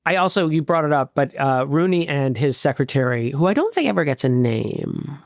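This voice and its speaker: A young adult man chatting about a movie on a podcast, his voice sitting a bit high. He rambles, breaks off mid-thought and laughs at himself. The sound is close and dry. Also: very animated, fairly quick, no echo. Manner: chatty, self-interrupting, giggly asides. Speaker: podcast co-host. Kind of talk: casual film discussion.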